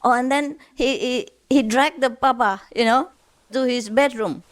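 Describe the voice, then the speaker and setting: Lady telling jokes to a crowd, slow and easy, chuckles a lot, kinda high voice. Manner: unhurried, chuckling, checks with listeners. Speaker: speaker telling jokes to an audience. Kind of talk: casual storytelling.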